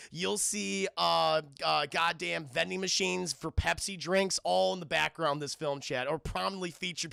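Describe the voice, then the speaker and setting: A man reviewing a film on a livestream, excitable and profane, constantly talking to his chat. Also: sits high, gravelly, no room sound, studio quality.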